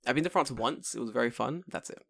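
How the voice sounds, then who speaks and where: A man's voice: mid-range voice, fast, vocal fry, a bit bright. A British man in casual podcast chat, swearing and laughing often as he talks. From United Kingdom.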